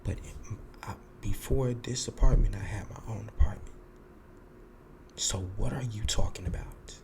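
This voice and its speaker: A man's voice: fairly low pitch, a little slow, in a whisper. Guy hosting a podcast, acts out the quotes, cusses a lot. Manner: animated, acts out quoted lines, swears. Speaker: podcast host. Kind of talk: casual storytelling monologue.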